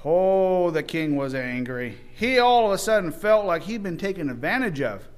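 High-voiced folksy man retelling a story. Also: moderate pace. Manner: folksy, animated, acts out voices of characters. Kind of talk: informal Bible story retelling.

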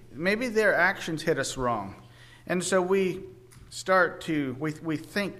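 Male preacher, slightly high voice, slow halting sermon delivery, raises his voice for scripture. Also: a bit bright. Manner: halting, with frequent restarts.

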